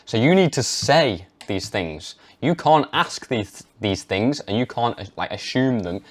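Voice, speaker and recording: A man's voice: medium pitch, animated, measured pace. A young man vlogging to camera. He talks emphatically and stresses key words hard, then drops into a hesitant mumble when he mimics someone unsure. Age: young adult. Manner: emphatic, mocks hesitant speech. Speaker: health vlogger. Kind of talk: direct-to-camera advice monologue.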